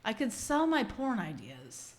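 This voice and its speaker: A woman co-hosting a casual podcast, talking crudely and bluntly with plenty of swearing. Her voice sits a little high for a woman, and she laughs easily between jokes. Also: very animated, unhurried. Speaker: podcast co-host. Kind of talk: casual chat.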